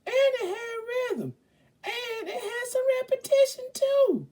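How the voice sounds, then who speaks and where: Dude doing a super high girly falsetto, chirpy skater girl, kinda mellow tone. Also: big pitch swings, measured pace, heavily acted. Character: bubbly young woman skateboarder bystander.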